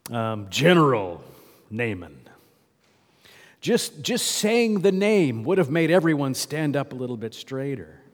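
A man's voice: a little high, animated, normal speed, few pauses, long reverb tail. A male pastor giving a sermon in a conversational way, often asking the congregation questions.

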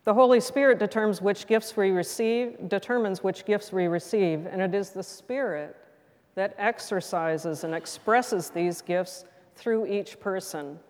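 A middle-aged woman pastor delivering a sermon in a gentle, reflective, measured way. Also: medium pitch. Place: church sanctuary. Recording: long hall reverb.

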